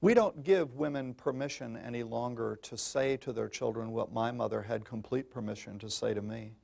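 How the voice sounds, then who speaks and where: A man's voice: mid-range voice, moderate pace, vocal fry, darkish tone. An older man giving an emphatic public talk on parenting to an audience, calling listeners folks in a folksy, insistent manner. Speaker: parenting speaker.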